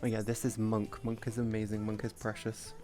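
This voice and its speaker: Chatty, swearing streamer over soft music. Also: mid-range voice, brisk. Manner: animated, swearing, restarting sentences. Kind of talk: casual chat on a livestream.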